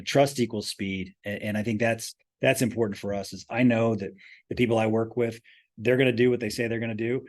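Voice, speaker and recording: A man, a company president, talking earnestly as a podcast guest, often restarting his phrases and pressing hard on key points. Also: on the low side. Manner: earnest, emphatic, many restarts. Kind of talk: podcast interview.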